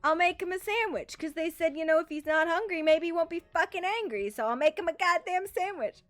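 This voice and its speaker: A woman streamer voicing a blunt, exasperated young woman character who rants fast and swears. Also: animated, a bit bright. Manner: rapid, higher, swearing rants.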